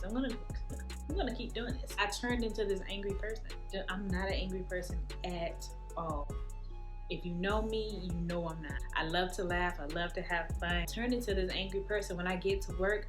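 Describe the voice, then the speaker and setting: A young woman tells a candid personal story, laughing often and slipping into playful voices. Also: fairly low pitch. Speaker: vlogger.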